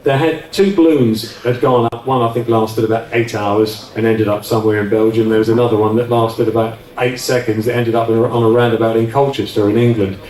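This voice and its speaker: A man's voice: fairly low pitch, fairly even intonation, fairly quick, hardly any pauses, a little mellow. A man being interviewed, reminiscing in a rambling, chatty way with frequent restarts. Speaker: interview guest, former offshore radio DJ. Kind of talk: casual recollection on stage interview. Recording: roomy sound from a distant mic.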